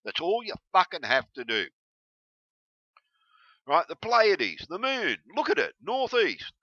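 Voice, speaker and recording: A man ranting heatedly to camera, swearing constantly and breaking into yelled bursts. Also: sits high, wildly swooping pitch, takes it slowly, no echo. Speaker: video blogger. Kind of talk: angry profane rant to camera. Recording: dull lo-fi recording.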